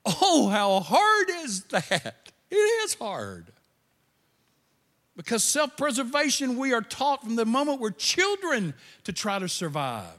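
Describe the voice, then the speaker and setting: A man preaching a sermon as pastor, animated, with quiet asides. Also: very high-pitched, slow. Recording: long reverb of a large hall.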